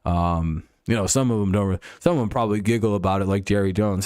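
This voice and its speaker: Man, casual sports chat, rambling jokey host, smooth voice, dry close sound. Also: on the low side, fairly quick, a little mellow, no echo. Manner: rambling, joking, crude. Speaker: streamer host.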